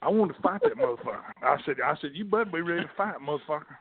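A man's voice: a little high, expressive, rapid-fire, slightly rough, no echo. A man, a wrestling promoter telling rambling, profane stories as a guest. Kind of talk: casual storytelling. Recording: tinny phone line.

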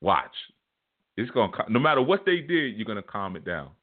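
Low-voiced man talking over a phone-like line. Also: big pitch swings, brisk, no echo. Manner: loose, conversational, repeats "you know". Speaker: spiritual teacher. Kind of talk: casual spiritual talk. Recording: tinny, phone-like, very dry.

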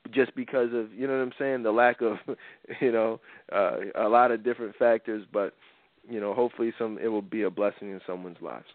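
Speaking at a medium pitch, this thirty-something talk-show host rambles through blunt opinions, peppering them with "you know." The recording has no room sound and a dry, narrow, phone-like quality.

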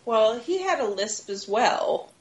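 A woman's voice: on the high side, very animated, slow pace, low-quality recording. A woman co-hosting a podcast, casually retelling a movie plot with laughs and quoted lines. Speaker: podcast co-host. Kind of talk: casual movie recap chat.

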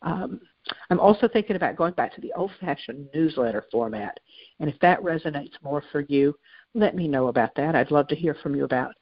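A woman's voice: deep voice, expressive, a little fast, dry recording, lo-fi sound. A woman hosting a spiritual talk show, talking conversationally with many fillers and restarts. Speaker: host.

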